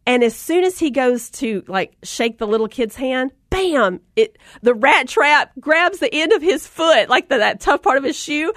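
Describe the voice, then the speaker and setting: A woman in her thirties with a Southern accent, telling a lively family story and turning it into faith encouragement for listeners. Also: sits high, moderate pace, few pauses, dry recording, clean studio sound. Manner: animated storyteller, acts out voices, talks to audience directly. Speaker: mom and motivational speaker.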